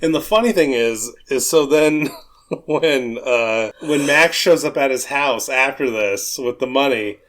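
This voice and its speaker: A male podcast co-host talks through a film casually and profanely, acting out the characters as he goes. His voice sits at an ordinary middle pitch. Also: a little slow. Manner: profane, animated retelling with acted-out quotes. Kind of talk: casual movie-discussion chat.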